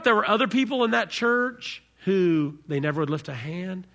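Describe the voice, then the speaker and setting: Guy pastor preaching a sermon, high gravelly voice, bright and lively, goes soft then loud. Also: moderate pace. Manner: animated, swings from soft to loud.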